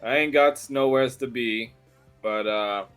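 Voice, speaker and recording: A man voicing a gruff, crude male bugbear gambler in a tabletop game, with a rough drawl. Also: medium pitch, unhurried, a bit bright, faint music behind, close to an everyday voice. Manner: crude, drawling tough-guy talk.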